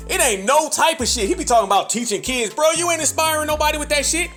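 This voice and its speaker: A man's voice: very high-pitched, expressive, fairly bright tone, faint music behind. A man hosting a podcast, delivering an emphatic commentary monologue with a preacher-like cadence and frequent profanity. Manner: mimics other voices in quick asides. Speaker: podcast host.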